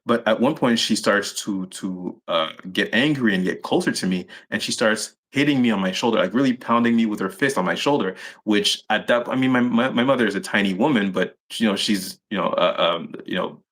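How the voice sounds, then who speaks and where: Guy w a lower voice telling his story on a live interview, lots of uh and restarts. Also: fairly bright tone. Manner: halting, many restarts and fillers. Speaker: interview guest.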